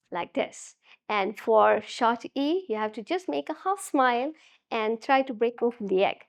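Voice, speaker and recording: Woman phonics teacher for kids, fairly high voice, slow and encouraging, models each sound. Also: expressive, creaky. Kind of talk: children's phonics lesson.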